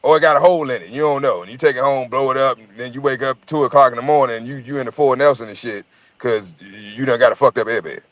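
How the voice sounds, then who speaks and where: A man's voice: medium pitch, quick pace, fairly bright tone, no echo. A man in casual chat, telling profane, rambling stories and repeating his words as he goes.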